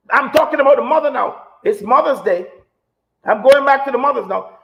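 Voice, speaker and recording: A man with a very high voice hosts a live talk show and delivers an impassioned monologue. He talks like a preacher, hammering his points home with repetition. He sounds emotional. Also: moderate pace, vocal fry, lo-fi sound. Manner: preachy, emphatic, repeats phrases for effect.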